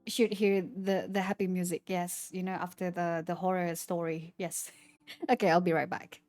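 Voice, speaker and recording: A young woman streamer chatting casually with her viewers, retelling things in a halting, rambling way with many restarts. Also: lowish voice, level tone, darkish tone, faint music behind.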